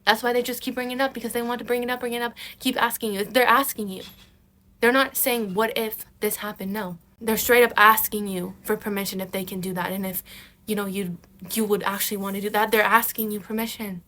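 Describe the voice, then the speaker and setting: Talking a little fast in a sharp, mid-range voice with fairly even intonation, a young woman gives casual dating advice on her vlog. She hammers her points, says things more than once and addresses the viewer as honey.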